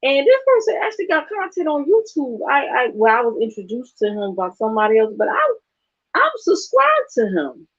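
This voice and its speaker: Woman, blunt sassy rant, swings her pitch a lot, dry slightly dull sound. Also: huge pitch swings, moderate pace, no echo. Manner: blunt, sassy, profane, laughs often. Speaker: channel host. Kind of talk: casual vlog rant.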